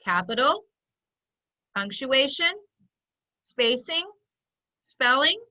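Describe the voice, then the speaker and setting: A woman phonics teacher giving an online lesson, dictating sentences slowly and clearly for young children. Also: high voice, lively intonation, bright, forceful tone, low-quality recording. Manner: slow, clear dictation, stretching words out for children.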